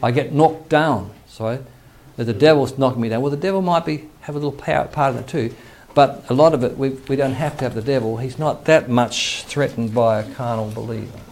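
An older man teaches a sermon as a pastor. His voice is gravelly and sits at an ordinary middle pitch. He preaches earnestly and quotes scripture as he goes. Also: a little fast, hardly any pauses, darkish tone.

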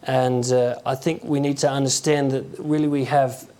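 A man giving an informal sermon in a halting, conversational way, often restarting his words and acting out quotes. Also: medium pitch, little pitch movement, warm tone. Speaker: preacher.

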